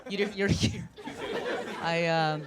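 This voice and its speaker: A woman from Orange County doing a stand-up set on a club stage, with a deep voice and brash crowd work. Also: steady tone, slow pace. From Orange County, California. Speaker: stand-up comedian. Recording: live club recording with loud crowd. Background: audience laughter.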